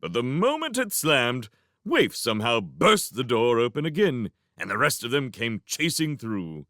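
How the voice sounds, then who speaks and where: A man narrating a storybook chapter aloud, voicing every character himself. His pitch swings in a very lively way and his tone is bright. The sound is close and dry. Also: measured pace, dry recording. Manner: animated, voicing each character. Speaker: reader.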